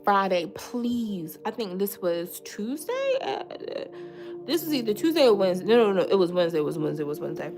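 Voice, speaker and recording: Animated young woman telling a story. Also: mid-range voice, brisk, music in the background. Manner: animated, swinging from loud outbursts to quiet asides, swears. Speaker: vlogger telling a personal story. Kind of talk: casual storytime.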